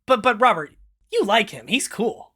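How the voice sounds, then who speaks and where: A man running a tabletop game as game master, giggly and animated, putting on voices for the characters. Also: high voice, moderate pace.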